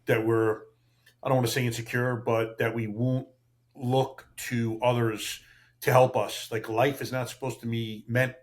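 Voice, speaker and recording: A man's voice: mid-range voice, flat delivery, unhurried. A man in his fifties, a retired cop, reflecting frankly in casual podcast chat and swearing now and then. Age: 50s. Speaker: podcast guest, retired police officer.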